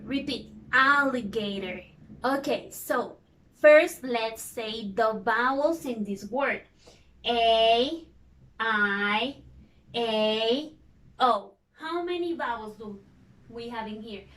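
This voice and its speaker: Teacher: woman, high voice, very slow and patient, repeats each word for young learners. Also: a bit bright. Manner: slow, patient, repeats words and spells out vowels. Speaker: English teacher. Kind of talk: recorded lesson for young learners.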